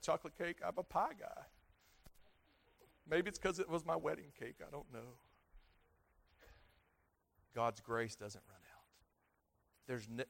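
A man's voice: medium pitch, measured pace, gravelly, pauses often, a bit bright. Earnest man in his thirties preaching. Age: 30s. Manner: earnest, repetitive preaching with swells of emphasis. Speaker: pastor. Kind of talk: sermon.

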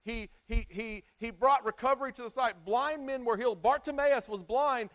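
Delivering a sermon, this middle-aged pastor stumbles and says words twice. He gets loud on the points he stresses, then lets the close of each phrase drop down low.

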